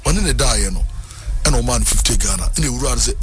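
A male radio host questions a caller closely, then turns to his listeners with a moralizing message. His voice sits at a middle pitch, and music plays clearly under the broadcast. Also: animated, quick pace. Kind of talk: radio talk show hosting.

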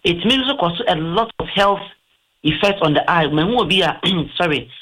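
A Ghanaian-accented eye doctor gives health advice on a talk show, explaining patiently and mixing in English terms. His voice is high-pitched and sharp, with lively intonation and a slightly fast pace. The audio is poor.

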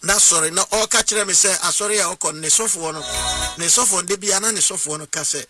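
A man's voice: high voice, a little fast, no room sound. A man preaching a radio sermon with passion, now and then slipping into song. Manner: impassioned preaching, sometimes breaking into song. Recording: distant voice over loud music.

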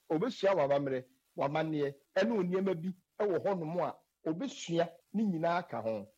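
A Ghanaian man talks through his ideas with emphatic, lively force, his pitch climbing high and swinging widely. His voice is husky and a little breathy. The recording is dull and lo-fi. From Ghana, Asante. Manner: lively, emphatic, switches often into English. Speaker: guest speaking on Asante culture. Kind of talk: earnest conversational explanation. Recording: dull lo-fi sound.

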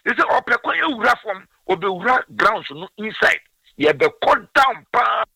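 A man's voice: high voice, big pitch swings, unhurried, gravelly, sharp tone, husky, no room sound, recorded from a distance. A man in his sixties with a Ghanaian accent, calling in to a sports radio show and speaking with passion, switching between languages. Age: 60s. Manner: impassioned, mixes languages. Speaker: caller.

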